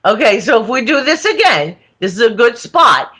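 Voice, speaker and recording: A woman hosting a casual livestream chat, talking warmly to her viewers and laughing often. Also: on the high side, big pitch swings, normal speed. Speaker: livestream host. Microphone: phone.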